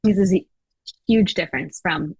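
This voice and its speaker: This American woman from the United States guests on a podcast, chatting casually with plenty of fillers and little laughs. Her fairly low voice has vocal fry and a breathy edge at a moderate pace. The rough recording carries no room sound.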